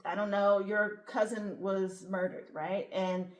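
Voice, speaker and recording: A woman's voice: medium pitch, fairly even intonation, a little slow. Chatty woman podcast host, roomy sound. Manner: chatty, laughs often, says "you know" a lot. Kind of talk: casual chat.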